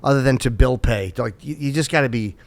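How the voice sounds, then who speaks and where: A middle-aged man hosting a loose conversation between comedians. His voice is gravelly and close to the mic, in a dry room, and he talks bluntly with plenty of profanity and jokes at his own expense. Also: medium pitch, a little fast, no room sound. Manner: blunt, profane, self-deprecating. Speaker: podcast host. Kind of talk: casual comedians' chat.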